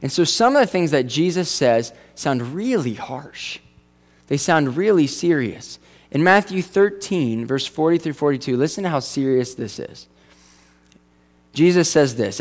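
A man's voice: on the high side, animated, unhurried. Conversational male pastor preaching. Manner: conversational, jokey asides. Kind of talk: sermon.

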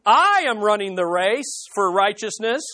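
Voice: medium pitch, sing-song, a little slow, sharp tone, no room sound, studio quality. A preacher voicing a smug, self-righteous Pharisee man boasting in prayer in a sermon. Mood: boastful. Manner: pompous, boastful.

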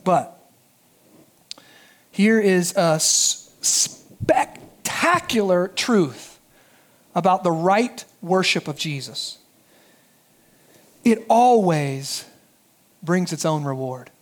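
Male pastor, very high voice, lively sermon delivery that drops to hushed emphasis. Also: takes it slowly, pauses often. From United States. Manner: animated preaching, dropping soft for emphasis.

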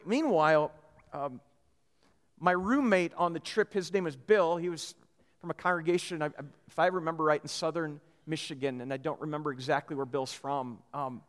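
A male pastor telling a personal story during a sermon, animated and full of quick restarts. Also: fairly high pitch, in a large hall.

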